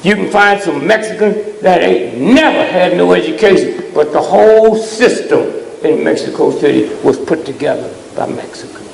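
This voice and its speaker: A man giving a fiery, preaching-style talk to a live audience, blunt and scolding, often pausing to ask the crowd "huh?". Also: sits high, lively intonation, creaky, darkish tone, a little hiss or hum. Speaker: speaker addressing a live audience. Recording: echoey hall with long reverb.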